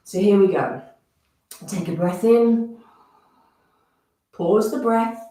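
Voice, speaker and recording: Heard from far off the mic in a very reverberant, noisy space, a woman with a mid-range voice and lively intonation speaks at a slow pace. She runs a guided movement and breathing class, instructively counting out movements and breath cues.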